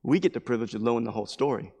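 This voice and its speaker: A man's voice: medium pitch, animated, very fast, creaky, a little mellow, in a large hall. A man pastor preaching a sermon at a church service, emphatic and repetitive, building his points with mounting fervor.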